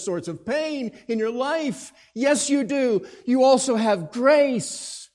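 A man preaching a sermon who swings between forceful, emphatic lines and hushed, quiet ones. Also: very high voice, expressive, slow, hardly any pauses. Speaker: pastor. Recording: long hall reverb.

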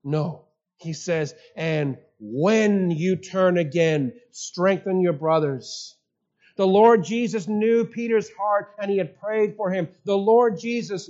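Man, high voice, sermon, earnest storytelling, soft low emphasis, dull lo-fi sound. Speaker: pastor.

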